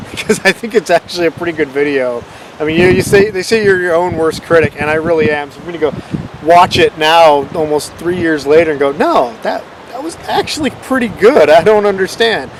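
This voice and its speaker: Guy just rambling on his channel, kinda higher voice, bit of wind and street noise behind. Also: rough recording. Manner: rambling, self-deprecating, conversational. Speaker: channel host. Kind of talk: casual unscripted vlog rambling.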